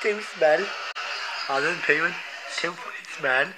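A man using a deep voice-changer filter on his English-accented voice to play a gruff grumbler who mutters crude insults into a phone. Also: measured pace, poor audio. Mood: grumbling. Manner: crude, mumbled cursing. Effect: deep pitch-lowering voice-changer filter. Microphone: phone held at arm's length.

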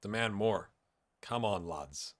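A man doing let's play commentary for viewers, with excitable play-by-play that swings from loud outbursts to quiet muttering, and jokes along the way. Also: on the low side, takes it slowly. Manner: jokey, talks to viewers. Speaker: gaming YouTuber.

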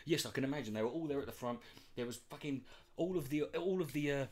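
Male commentator, mocking and sweary, steady mid-range voice. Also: medium pitch, quick pace. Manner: sarcastic, mocking. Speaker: commentator reacting to clips. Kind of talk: sweary comedic rant.

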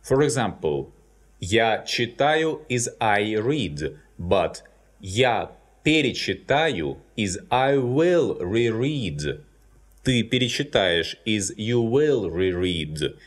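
A man with a Russian accent, a native Russian teacher, giving a scripted language lesson with slow, careful examples. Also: on the low side, big pitch swings. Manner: slow, careful, with clearly spoken example words.

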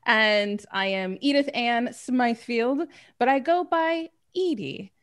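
A woman's voice: fairly high pitch, lively intonation, slow, clear, resonant tone. A woman player introducing herself and her character, giggly and rambling in casual chat. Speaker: player and streamer.

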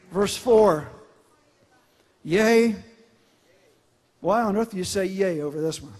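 A man's voice: high-pitched, slow pace, long pauses, a little mellow. A male pastor preaching a sermon in a large church, drawing out scripture lines with emphasis and frequent restarts. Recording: reverberant church hall.

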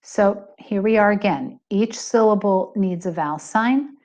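A middle-aged woman speaks at a middle pitch as she narrates a recorded lesson. She explains patiently and clearly, slowing to stress each example. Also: a little mellow. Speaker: Hebrew teacher.

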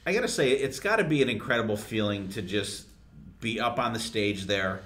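A man's voice: fairly low pitch, lively intonation, a little fast, fairly bright tone. A man co-hosting a podcast, chatting with a guest in an enthusiastic, chummy way with casual swearing. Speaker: podcast co-host. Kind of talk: casual interview chat. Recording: roomy echo.

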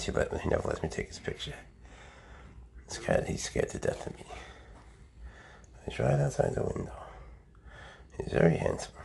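Gravelly guy vlogging his pets, mumbles then goes all squeaky baby talk, bit of hiss behind. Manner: shifts from mumbled asides to high excited baby talk with pets. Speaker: pet vlogger. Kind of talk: casual handheld vlog narration.

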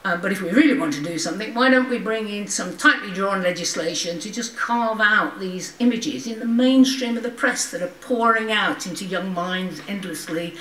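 An older woman speaks to a lecture audience, telling her story in a loose, conversational way, full of ums and wry asides. Her voice sits at a middling pitch. It is picked up from some distance and rings around a roomy hall. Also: normal speed, few pauses, a bit bright. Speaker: lecture speaker, former member of parliament. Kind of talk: personal anecdotal lecture. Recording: roomy hall, voice from far off the mic.

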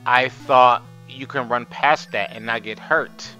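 A young man giving chatty, excitable gameplay commentary as host, talking to viewers and swearing, a bit hoarse from screaming. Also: mid-range voice, measured pace, soft background music. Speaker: gaming channel host.

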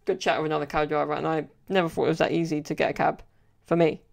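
Gravelly, flat-voiced young man. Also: a little high, fast talker. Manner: rambling, chatty, fills with "like" and "you know". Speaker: podcast host. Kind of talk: casual solo podcast storytelling.

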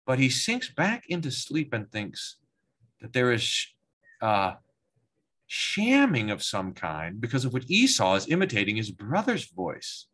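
A male pastor teaching a Bible class, reading passages aloud, then commenting in a lively, conversational way that sometimes acts out the quoted speakers. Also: medium pitch, a little slow, husky. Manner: animated, acts out quoted lines with voices, chuckles; restarts and repeats words while thinking aloud.

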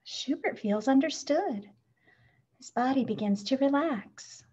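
A woman reading a children's picture book aloud, slow and lively in pitch. Her voice is breathy, a little higher than most. The recording is muffled and lo-fi. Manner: expressive, acts out sound words. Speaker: storybook reader.

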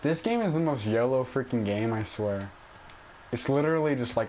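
A man's voice: mid-range voice, animated, moderate pace, a little mellow, slight background noise. A man giving casual, self-mocking commentary while playing a video game, yelping in panic when things go wrong. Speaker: gaming YouTuber. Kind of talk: casual let's play commentary.

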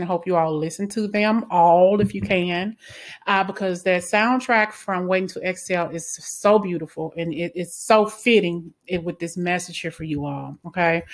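A woman giving a casual tarot reading, talking bluntly, swearing freely and often ending lines with "okay?". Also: lowish voice. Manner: blunt, swears freely, flares into angry outbursts; frequent "okay?" tag questions. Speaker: tarot reader.

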